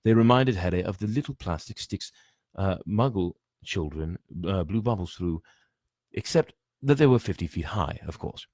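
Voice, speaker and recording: Man reading aloud, deep voice, stumbles and restarts, chatty asides, dry close mic. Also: animated, moderate pace, darkish tone, no echo. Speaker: reader.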